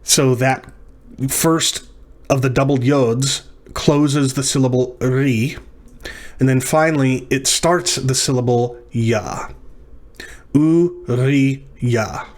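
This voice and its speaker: A man's voice: mid-range voice, fairly even intonation, takes it slowly. A man teaching a lecture on syllabification, working through words methodically and correcting himself as he goes. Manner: methodical, self-correcting explanations.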